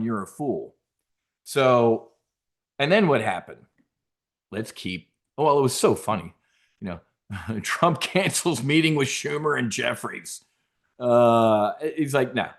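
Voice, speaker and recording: A middle-aged man hosting a trading show, giving brash, profane market commentary and mocking the people he quotes. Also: medium pitch.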